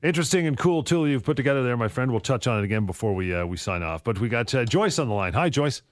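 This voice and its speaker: A man hosting a call-in radio show, taking callers in a brisk, friendly way. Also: medium pitch, animated, no echo, clean studio sound. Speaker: host.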